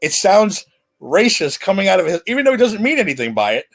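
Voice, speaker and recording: A man's voice: sits high, sing-song, fast talker, fairly bright tone. A man co-hosting a casual music podcast, sharing trivia and laughing easily. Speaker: podcast co-host.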